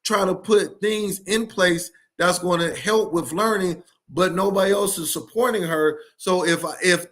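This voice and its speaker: A man speaks with passion and insistence, hammering his points home by repeating them. His voice sits high for a man and rings bright and forceful. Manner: emphatic, repeats key points. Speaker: education speaker. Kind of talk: passionate solo talk to camera.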